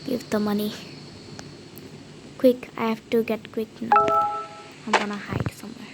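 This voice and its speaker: Nervous commentary on a horror game comes from a woman with a fairly high, flat voice, vocal fry and a measured pace. She often whispers and pleads as she plays, while heavy background noise and loud typing and clicks fill the recording.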